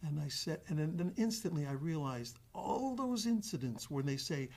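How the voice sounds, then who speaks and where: A man with a husky, slightly breathy voice, pitched a bit high, tells an animated story as an interview guest. He acts out the other people's lines and often stops and restarts mid-sentence. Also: moderate pace. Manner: acts out quoted dialogue with restarts. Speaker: actor guest.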